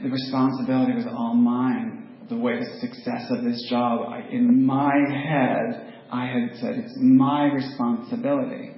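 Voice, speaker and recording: A man telling his personal recovery story to a group, self-mocking and halting, with many ums and laughs. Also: medium pitch, gravelly. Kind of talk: personal testimony talk. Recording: dull, noisy, echoey room recording.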